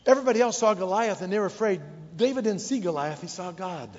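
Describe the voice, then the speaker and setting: A man's voice: sits high, quick pace. Preacher man in an echoey hall. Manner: rhetorical questions, drops to a hush for emphasis. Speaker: pastor. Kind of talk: sermon. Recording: dull, echoey hall sound.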